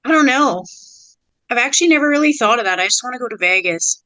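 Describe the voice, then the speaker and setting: A woman's voice: fairly high pitch, expressive, fast talker, sharp tone, no echo, poor audio. A young woman from Canada as a podcast guest, talking in a laid-back, candid way with lots of fillers. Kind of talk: casual interview chat.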